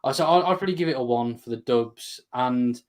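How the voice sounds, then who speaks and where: A man's voice: mid-range voice, a little fast, slight background noise. Hesitant man chatting on a podcast. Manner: hesitant, searching for words. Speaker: podcast co-host. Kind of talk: casual podcast chat.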